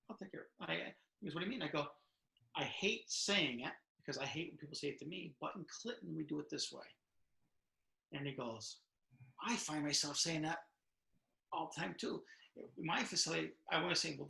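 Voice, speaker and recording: A man in his fifties with a gravelly, fairly high voice, recounting his years on the job in a loose, anecdotal way and acting out the lines of the people in his stories. He is recorded over a video call in an echoey room. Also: sharp tone. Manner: storytelling, acts out dialogue, many restarts. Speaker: author and retired correctional officer. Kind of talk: conversational interview answers.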